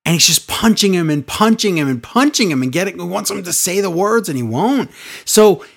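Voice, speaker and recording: A man with a somewhat raised pitch chats casually with a friend. He tells the story with energy and acts out the quotes in quick bursts. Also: animated, vocal fry, breathy edge. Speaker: podcast co-host recapping wrestling. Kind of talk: casual chat.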